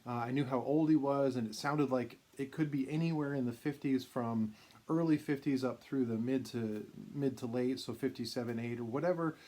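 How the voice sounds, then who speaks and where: A man's voice: medium pitch, moderate pace, warm tone. A man hosting his own channel, casually telling a long personal story with many fillers and restarts. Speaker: vintage card collector and channel host.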